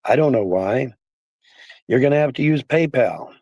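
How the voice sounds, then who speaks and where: A man's voice: mid-range voice, lively intonation, normal speed, a little mellow, no echo. A man streaming casually, rambling and repeating himself with many fillers, his voice worn down by the cold. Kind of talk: casual livestream talk.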